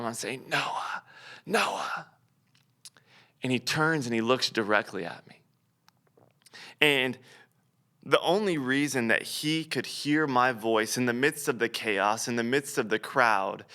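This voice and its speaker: A young adult man giving a short devotional sermon, telling a personal story earnestly and easing into soft, quiet emphasis. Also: medium pitch, smooth. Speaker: pastor.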